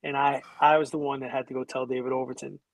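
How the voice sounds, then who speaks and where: A man's voice: medium pitch, quick pace, vocal fry, no room sound. A middle-aged man from New York, guest in a conversation, telling stories casually with profanity and acted-out voices. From New York, USA. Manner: animated, profane, acts out quoted voices.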